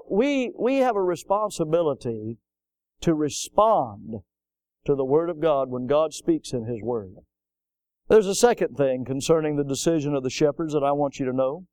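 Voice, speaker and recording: A middle-aged man preaching a sermon, his voice a little high and smoothly resonant. He drives his points home with rising emphasis and breaks into homey stories for the congregation. The sound is close and dry, with little room around it. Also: no room sound. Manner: emphatic preaching, rising to loud peaks, asking the congregation "Amen?"; folksy storytelling asides. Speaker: pastor.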